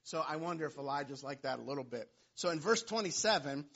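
A man preaches a sermon, retelling the story with playful asides and jokes. His voice sits a little high and sounds husky, and the recording is dull and lo-fi. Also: animated, fast, few pauses, a bit bright. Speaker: pastor.

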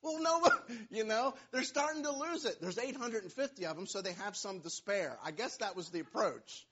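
Husky pastor telling a lively story. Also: male voice, sits high, fairly quick. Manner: storytelling, playful, jokey asides. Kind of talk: sermon. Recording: dull, lo-fi sound.

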